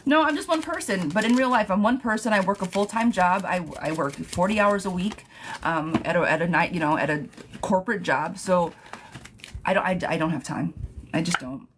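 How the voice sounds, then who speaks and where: At home and streaming live, a young adult woman gives a casual tarot reading in a lowish voice at a moderate pace. She's chatty, laughs a lot and swears lightly, with background noise in the clip.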